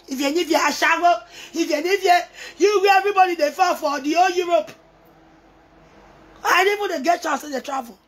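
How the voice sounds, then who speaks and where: A woman with a Nigerian accent, rambling excitedly in a casual video message, mixing pidgin and English. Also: very high voice, fairly quick. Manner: mixes pidgin, English and local languages, excited and teasing.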